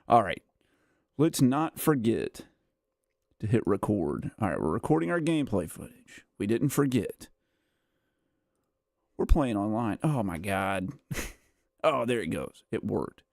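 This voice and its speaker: A man's voice: fairly low pitch, very animated, slow, creaky, pauses often, darkish tone, dry recording, studio quality. A man hosting a casual gameplay livestream, rambling and self-mocking as he chats, tired and worn out. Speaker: gaming livestream host. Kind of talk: casual live gameplay chat.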